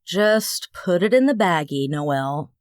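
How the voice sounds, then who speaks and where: A woman voicing a man, a patient but irritated cop boyfriend, in an audiobook; clipped and gently scolding. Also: lowish voice, animated, unhurried, dry recording, studio quality, voice pushed down. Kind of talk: audiobook character voice.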